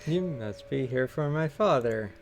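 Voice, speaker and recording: A man voicing a dying man's grown son in a video game playthrough, reading the lines flatly and reluctantly, with game music behind. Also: medium pitch, measured pace.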